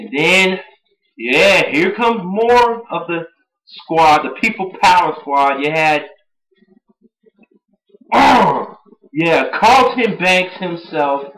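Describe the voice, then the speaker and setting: A young man giving a rambling, excitable recap of a wrestling show, laughing and mimicking what people said. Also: on the high side. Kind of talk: casual recap monologue. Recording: echoey room.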